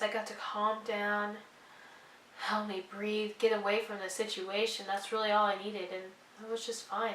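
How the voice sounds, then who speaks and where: A woman's voice: a little high, pushed and bright, reverberant, distant mic, low-quality recording. A young woman vlogger telling a personal story, earnest and apologetic, rambling with lots of fillers. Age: young adult.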